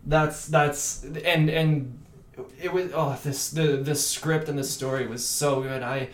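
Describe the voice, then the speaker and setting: A man from Canada whose first language is French, chatting as an actor in an interview, animated and full of restarts. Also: a little high, takes it slowly. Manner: animated, many restarts and fillers. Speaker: actor and podcast guest. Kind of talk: casual interview chat. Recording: echoey room.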